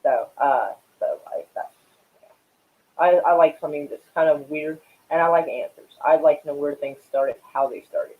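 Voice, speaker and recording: A man's voice: a little high, normal speed, phone-quality sound. A man hosting a casual live stream and chatting with viewers, rambling and swearing while he smokes. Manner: rambling and profane, many fillers; smoking while talking.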